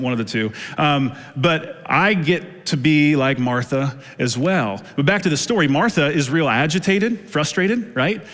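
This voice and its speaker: A pastor in his thirties preaches a sermon in a relaxed, storytelling way, and his voice sits slightly high for a man. He slips into playful acted-out quotes now and then. The long reverb of a large church hall trails behind every line. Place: church auditorium.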